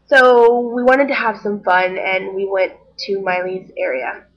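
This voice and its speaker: A woman's voice: medium pitch, unhurried, muffled recording. Chatty young woman telling a story. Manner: chatty, animated, acts out quoted people. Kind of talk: casual storytelling vlog.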